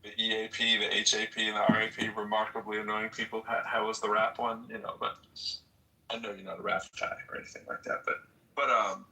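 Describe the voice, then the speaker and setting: A man moderating a casual online audio chat, talking haltingly with many repeated words and restarts. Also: on the low side, monotone, bright, forceful tone, low-quality recording.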